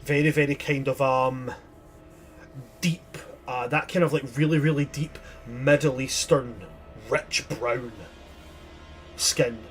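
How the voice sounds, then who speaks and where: Man, game master, descriptive, chatty, mid-pitched. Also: steady tone, takes it slowly, soft background music. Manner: descriptive, chatty, many restarts. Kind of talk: narrating a tabletop game.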